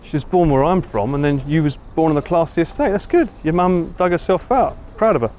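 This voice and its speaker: A man's voice: a little high, animated, a little fast, a little mellow, a little hiss or hum. A man with an Essex accent chatting casually on a live stream, reading and answering viewer comments as he walks. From England. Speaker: livestream host. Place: outdoors on a city street.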